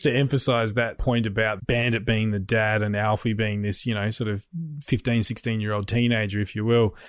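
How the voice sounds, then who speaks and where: An Australian man co-hosting a podcast, explaining things in a relaxed, patient way. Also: on the low side, moderate pace, smooth, no echo. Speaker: podcast co-host. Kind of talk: casual chat.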